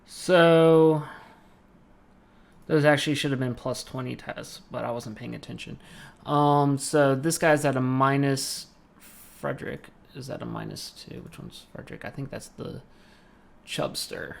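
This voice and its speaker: A man's voice: medium pitch, measured pace, creaky. Southern American man running a tabletop game. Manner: relaxed, muttering to himself while moving tokens. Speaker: game master.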